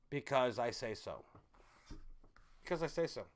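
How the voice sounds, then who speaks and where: A man in his thirties from the United States, hosting a casual livestream, ranting angrily and swearing, swinging from loud outbursts to low muttering. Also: normal speed, long pauses. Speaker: livestream host.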